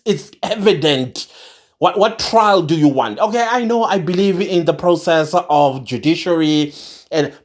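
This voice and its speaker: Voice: medium pitch, darkish tone. An angry online commentator with a South African accent, mixing in isiZulu, ranting to viewers with emphatic repeated phrases. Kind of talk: impassioned rant to viewers.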